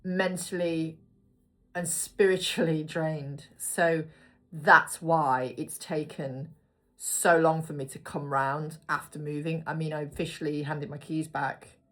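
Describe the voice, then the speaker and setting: A woman's voice: sits low, flat delivery, takes it slowly, a bit bright. A woman giving a casual tarot reading to her viewers, chatty and rambling, with spoken asides while she picks cards. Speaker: tarot reader.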